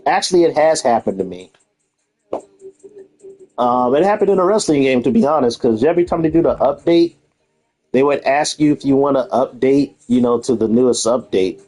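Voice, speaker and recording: A man's voice: medium pitch, expressive, moderate pace, warm tone, low-quality recording. A man streaming and chatting casually, blunt and profane, who laughs often and reads and answers his live chat.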